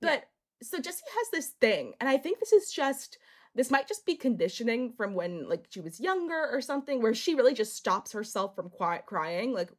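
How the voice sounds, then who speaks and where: A woman's voice: on the high side, sing-song, normal speed. A young woman co-hosting a casual podcast, chatting animatedly and laughing often. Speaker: podcast co-host. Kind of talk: casual chat recapping a reality show.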